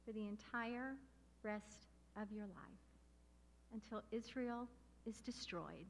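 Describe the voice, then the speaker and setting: A middle-aged woman preaching a sermon with passion and emphasis, slowing down to stress key words. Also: mid-range voice, slight background noise. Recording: long hall reverb.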